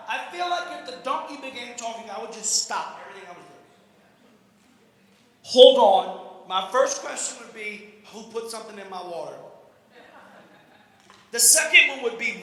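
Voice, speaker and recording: High, bright-voiced preaching pastor. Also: male voice, normal speed. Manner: animated preaching, swings from shouting to hushed asides. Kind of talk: sermon. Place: church sanctuary. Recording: echoey church hall.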